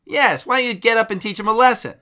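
A man's voice: very high-pitched, quick pace, bright, forceful tone, voice pushed up. A man voicing a timid, polite male tin man.

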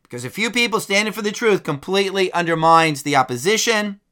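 A man's voice: sits high, lively intonation, brisk, sharp tone. A male preacher giving an emphatic, combative sermon.

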